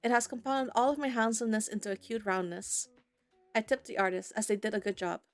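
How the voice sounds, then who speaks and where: A woman's voice: a little high, steady tone, brisk, dry recording, faint music behind, lightly acted. A woman voicing an aloof male Grim Reaper who speaks in stiff, formal sentences.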